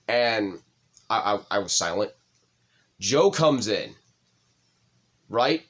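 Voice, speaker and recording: A man's voice: on the low side, slow pace, pauses often. A young man co-hosting a casual chat, telling a personal story with swearing, his voice rising when stirred up. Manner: emotional, swears often, voice rises when excited. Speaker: podcast co-host.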